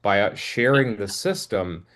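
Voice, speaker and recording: A man with a somewhat low voice talks through a business pitch on a casual group video call from home. He stops and restarts his sentences often, feeling his way toward each point. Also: big pitch swings, a bit bright. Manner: halting, restarts mid-sentence. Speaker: business presenter.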